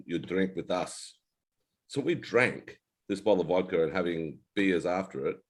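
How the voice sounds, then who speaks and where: Australian man, middle-aged, very deep voice, casual rambling yarns, salty language. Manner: relaxed storyteller, blunt, swears freely. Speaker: podcast host, ex-Navy. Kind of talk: casual chat.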